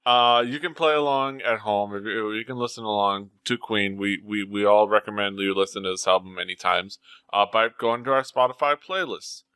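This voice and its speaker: A man hosting a podcast in casual chat, rambling with lots of fillers and quick to laugh. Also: fairly low pitch, sharp tone, smooth, no room sound. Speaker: podcast host.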